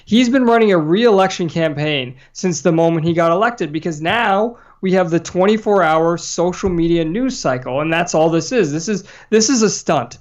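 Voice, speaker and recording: A man's voice: high voice, expressive, normal speed, hardly any pauses, muffled recording. A man co-hosting a podcast, chatting casually about the news and repeating himself for emphasis. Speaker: guest co-host.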